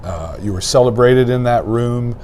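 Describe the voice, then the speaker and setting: A man's voice: mid-range voice, normal speed, darkish tone, slight background noise. A man hosting a conversational interview, casual and encouraging, with a joke now and then. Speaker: talk show host.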